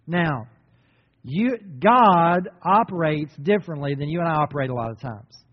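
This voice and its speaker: A man's voice: on the high side, lively intonation, normal speed, in a large hall, highs cut off. A male pastor delivering a sermon, preaching emphatically with lots of repetition.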